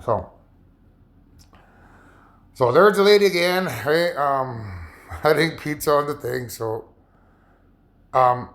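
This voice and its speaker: A man in his fifties talking in a rambling, emotional personal monologue, halting and repeating himself. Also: mid-range voice, lively intonation, fairly bright tone. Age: 50s. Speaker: vlogger.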